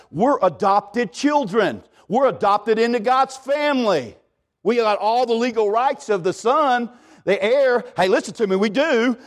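A male pastor, preaching a sermon in a folksy, animated way and often calling out to the congregation. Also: high voice. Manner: folksy, animated preaching with repeated "hey, listen to me".

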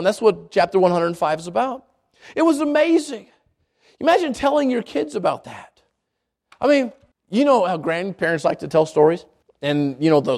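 A man preaching a folksy, animated sermon, often restarting his phrases as he tells Bible stories. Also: very high-pitched. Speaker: pastor.

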